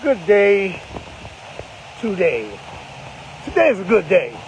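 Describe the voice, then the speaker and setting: A man's voice: high voice, wildly swooping pitch, slow pace, a little hiss or hum, low-quality recording. An older man hosting a live broadcast, talking in a preachy, emphatic way and repeating phrases for effect. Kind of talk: casual live-stream commentary.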